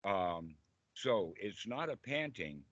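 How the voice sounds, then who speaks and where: A man's voice: fairly low pitch, sing-song, slow pace, fairly bright tone, no echo, dull audio. A man, a meditation teacher, explaining breathing to a group on a video call and asking them questions.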